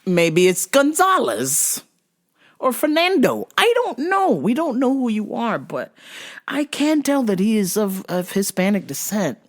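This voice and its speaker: Woman rambling thru a work story, laughs lots, slow and bouncy. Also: mid-range voice. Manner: laughs often, animated, quotes others in voices. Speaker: host. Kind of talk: casual storytelling vlog.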